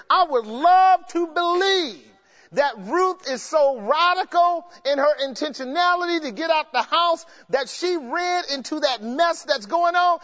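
A man preaching a sermon in a lively, playful way, acting out the characters in everyday speech. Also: very high-pitched, measured pace, in a large hall. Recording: dull lo-fi sound.

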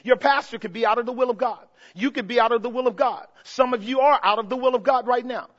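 A pastor preaching a sermon, calling out to the congregation and swinging between shouted peaks and hushed passages. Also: male voice, extremely high pitch, fast, dull audio.

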